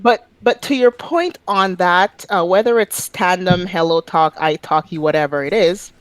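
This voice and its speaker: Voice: mid-range voice, moderate pace, fairly bright tone, smooth, no room sound, low-quality recording. Opinionated podcast guest, dry close sound. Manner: opinionated, emphatic, frequent fillers. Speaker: guest, language business founder. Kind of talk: casual podcast conversation.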